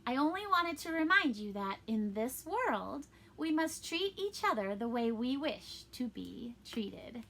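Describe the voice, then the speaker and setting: A woman voicing a small, wise male cricket who speaks in a gently scolding, moralizing way. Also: sits high, big pitch swings, a little slow, heavily acted. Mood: kindly.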